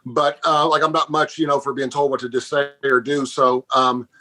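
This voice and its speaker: A man's voice: mid-range voice, flat delivery, pushed and bright, poor audio. A man co-hosting a podcast, telling blunt stories in casual chat and laughing at them. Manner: fast storytelling, blunt, laughs at his own stories. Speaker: podcast co-host.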